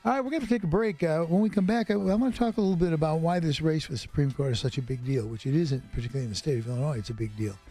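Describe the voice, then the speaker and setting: Fast-talking male radio host, raised pitch, mellow tone, dry studio sound, playful. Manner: quick, joking, conversational. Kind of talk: radio talk show hosting.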